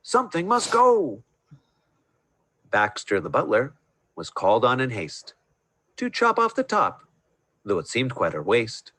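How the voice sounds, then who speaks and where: A man reading a rhyming Christmas picture book aloud in a sing-song, expressive way over a video call. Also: fairly low pitch, a little slow, dry recording. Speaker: storyteller.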